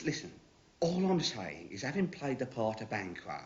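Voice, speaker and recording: A man playing an excitable lecturing builder. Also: medium pitch, normal speed, lightly acted. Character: anxious, long-winded male builder. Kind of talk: TV drama acting. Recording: dull TV soundtrack, faint noise.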